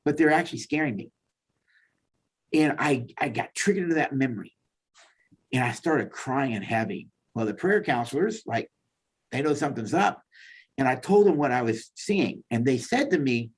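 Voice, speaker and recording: Husky-voiced man telling his story. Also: mid-range voice, expressive, moderate pace. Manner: heartfelt storytelling, acts out dialogue. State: tearful at times. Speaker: therapist guest. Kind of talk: personal testimony in conversation.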